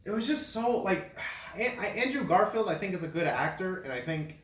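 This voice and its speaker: A man in casual chat ranking films, rambling with many fillers and breaking into loud incredulous laughter. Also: high voice, very animated, normal speed. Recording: echoey room.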